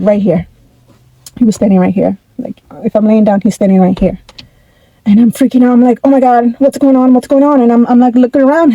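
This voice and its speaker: Woman, casual storytelling, animated, repeats herself, slightly high pitch, very mellow timbre. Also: dry recording, highs cut off. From United States. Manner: animated, repetitive, restarts words.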